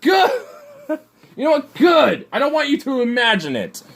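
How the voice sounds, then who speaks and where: A tipsy man holding court on a casual stream. His pitch swings widely as he rambles and curses at full volume, tripping over his own sentences. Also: wildly swooping pitch, normal speed, gravelly. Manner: loud, rambling, swearing, laughing a lot. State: drunk. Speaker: livestream co-host. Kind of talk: casual drunken chat.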